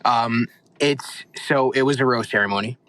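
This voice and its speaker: A young man with a bright, forceful voice tells a story in a rambling, animated way. He is a podcast co-host chatting casually with friends, with a pitch that is neither high nor low. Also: normal speed, rough recording. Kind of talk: excited casual recap.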